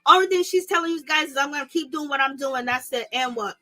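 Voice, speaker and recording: A woman with a high, bright voice talks casual gossip straight to her viewers. She is blunt and animated, with features in her speech. It sounds like a relaxed commentary channel. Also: quick pace. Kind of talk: casual reality-show commentary.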